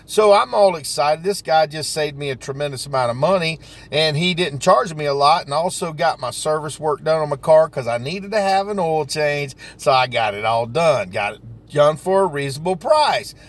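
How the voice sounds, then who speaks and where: A man with a Southern US accent telling stories from his sales work in a folksy, animated way. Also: a little high, moderate pace. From Southern United States. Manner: folksy, animated, dialect grammar like "ain't nobody". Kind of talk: casual storytelling vlog.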